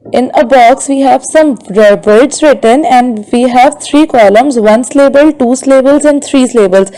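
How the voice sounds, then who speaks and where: A woman with a Bangladeshi English accent, teaching a school English lesson and slowly sounding out words syllable by syllable. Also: high-pitched, darkish tone, poor audio. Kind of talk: classroom lesson.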